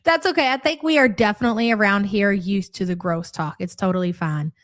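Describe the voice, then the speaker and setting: A woman's voice: medium pitch, brisk, dry recording, studio quality. A woman with a cold hosting a live stream, chatting casually and greeting viewers by name one after another. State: stuffy, has a cold.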